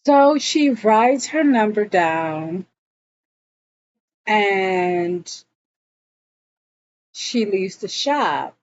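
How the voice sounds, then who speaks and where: Woman, unhurried casual recapper, chatty asides; dull lo-fi recording with light background hiss. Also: medium pitch, expressive. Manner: chatty retelling peppered with "like" and "girl". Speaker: show recap reviewer.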